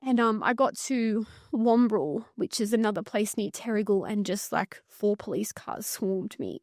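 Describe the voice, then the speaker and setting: Speaking at a normal speed, this Australian woman has a mid-range, slightly mellow voice, recorded in studio quality with no echo. As a psychotherapist guest on a podcast, she shares an emotional and painful personal story, earnest, intense and blunt.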